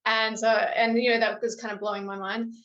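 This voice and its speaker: A woman's voice: a little high, level tone, brisk, fairly bright tone, roomy sound, highs cut off. A woman from Australia, an actress guest chatting in an upbeat, gushing way during an interview. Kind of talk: casual interview chat.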